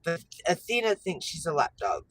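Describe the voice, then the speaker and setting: A woman in her fifties, a grandmother, chatting casually about her family's dogs, rambling and halting with many fillers and restarts. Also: lowish voice, sing-song, fairly bright tone, slightly rough, no echo. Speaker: grandmother telling family stories. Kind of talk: casual storytelling chat. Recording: noisy with vehicle and background hum.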